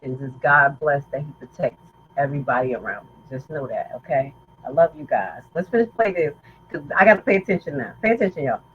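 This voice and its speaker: A woman hosting a livestream reaction commentary, chatty and quick to laugh. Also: deep voice, animated, dull audio, slight background noise. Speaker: host.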